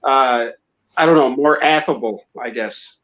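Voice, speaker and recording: A man's voice: mid-range voice, fairly bright tone. American man on a dull lo-fi line. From United States. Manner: chatty, halting with many fillers. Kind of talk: casual group voice chat. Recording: dull lo-fi online audio.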